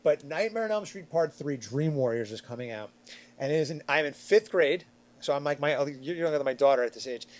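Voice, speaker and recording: Animated middle-aged man telling stories. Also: brisk. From Long Island, New York. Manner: animated, acts out quotes with big swings in pitch and loudness. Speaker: podcast panelist. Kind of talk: casual storytelling chat.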